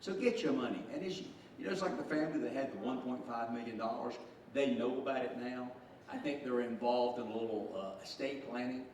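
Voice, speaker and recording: A man in his sixties with a Southern drawl tells folksy, joking stories to a gathered group. His voice sits at an ordinary pitch for a man. He is picked up from some distance in a very echoey room, with faint noise underneath. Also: a little fast, darkish tone. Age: 60s. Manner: folksy storyteller, joking, chuckling. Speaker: state official. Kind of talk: speech to a group.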